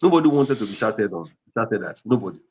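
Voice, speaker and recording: A man's voice: lowish voice, very animated, brisk, background noise. A man with a Nigerian accent giving earnest marriage counseling advice, repeating points and acting out example dialogues.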